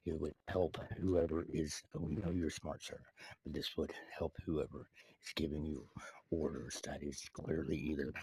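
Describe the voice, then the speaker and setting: A man rambling to camera in a halting, mock-earnest monologue full of hesitations, addressed to the president. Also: extremely low pitch, darkish tone, breathy edge, no room sound, low-quality recording. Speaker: video maker addressing the president.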